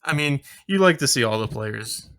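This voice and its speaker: A man's voice: mid-range voice, lively intonation, moderate pace, a bit bright, clean tone. A young man co-hosting a casual podcast, rambling with fillers. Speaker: podcast co-host.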